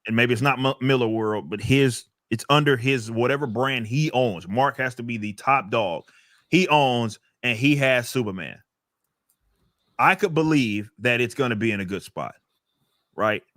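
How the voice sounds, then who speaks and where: A man's voice: medium pitch, moderate pace, a bit bright, no echo, clean studio sound. A man chatting on a podcast, ranting and swearing, often repeating words as he thinks. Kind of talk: casual podcast chat.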